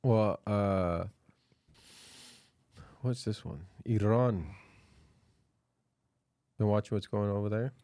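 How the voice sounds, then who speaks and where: A man's voice: on the low side, takes it slowly, pauses often, dark tone, clean tone, no room sound, studio quality. A man co-hosting a podcast, laid-back and rambling, full of filler sounds as he brings up videos to show his co-host. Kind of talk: casual comedic chat.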